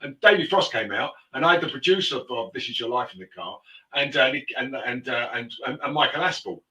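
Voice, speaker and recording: A man's voice: mid-range voice, expressive, fairly quick, pushed and bright, reverberant, distant mic, poor audio. A man telling coarse, swearing anecdotes in casual chat, full of stumbling restarts. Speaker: host.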